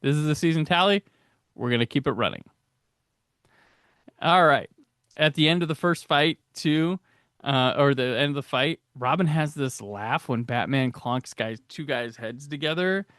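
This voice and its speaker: A man's voice: a little high, normal speed, a bit bright, no echo, clean studio sound. A man hosting a casual commentary podcast, chatty and laughing often, restarting his sentences. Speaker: podcast host.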